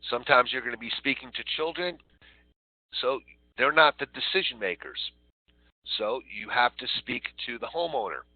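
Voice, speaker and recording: A man's voice: mid-range voice, expressive, normal speed, no echo. Man training call agents over tinny audio. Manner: repeats "all right" and "so" while walking through steps. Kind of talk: instructional training talk. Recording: tinny phone-like recording.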